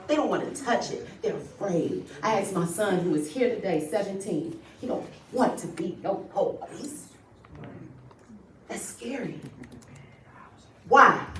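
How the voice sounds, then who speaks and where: A woman's voice: medium pitch, a bit bright. Impassioned woman addressing a crowd. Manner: emphatic, addresses crowd directly. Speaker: community speaker at a rally. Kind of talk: impassioned public speech. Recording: distant, roomy livestream audio with faint noise.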